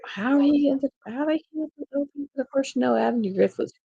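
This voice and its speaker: A woman's voice: high voice, fairly quick, gravelly, dark tone, no room sound, dull audio. An older woman, hosting a casual craft live stream from home on a laptop, chatting in a rambling way and laughing often. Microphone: laptop mic.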